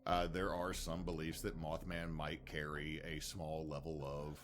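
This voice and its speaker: A man's voice: rumbling low, flat delivery, a little slow, a little hiss or hum. A man co-hosting a podcast, chatting casually in rambling banter with restarts. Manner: rambling, stumbles and restarts, trivia-loving banter. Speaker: podcast co-host. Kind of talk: casual chat.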